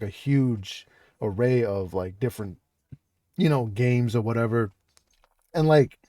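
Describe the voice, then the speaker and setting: A man's voice: fairly low pitch, warm tone, no echo, clean studio sound. A man hosting a casual interview over a video call, laughing often and talking loosely with plenty of fillers and swearing. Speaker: podcast host.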